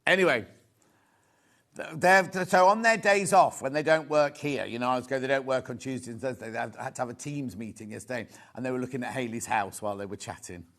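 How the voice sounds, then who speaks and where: A man's voice: medium pitch, fast talker, a bit bright. A man with a Yorkshire accent presenting fabric on a live shopping channel, chatty and gushing, full of asides. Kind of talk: live TV sales chat.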